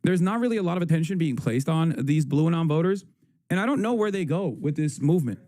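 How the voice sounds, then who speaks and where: A man streaming live, reading posts aloud and joking in quick casual talk. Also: a little high, lively intonation, mellow, dry recording. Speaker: livestreamer. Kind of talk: casual livestream commentary.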